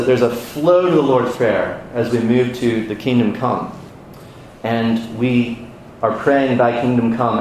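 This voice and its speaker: A man's voice: medium pitch, a little mellow. An American man preaching a sermon in a conversational teaching manner, asking the congregation questions. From United States. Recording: very echoey room, faint noise.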